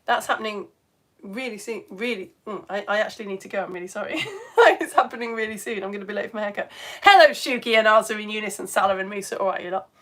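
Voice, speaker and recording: A woman's voice: medium pitch, fast, fairly bright tone. A British woman hosting a live children's science show, cheerfully reading out viewers' comments in a bubbly, exclamatory, chatty way.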